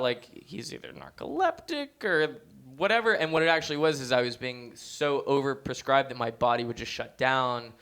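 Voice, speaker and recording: A young man chatting as a podcast guest, telling stories in a lively, animated way. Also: medium pitch, clean tone. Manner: animated storyteller, acts out quotes. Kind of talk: casual interview chat.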